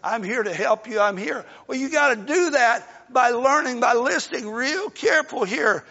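High gravelly older preacher. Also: male voice, animated, normal speed. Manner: folksy, rising to shouts then dropping soft. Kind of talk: sermon. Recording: dull lo-fi recording in a reverberant hall.

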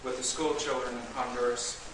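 A man preaching a fervent sermon, swinging from loud declaiming to low, intense warnings. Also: flat delivery, a little fast. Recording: echoey room, far from the mic, noisy.

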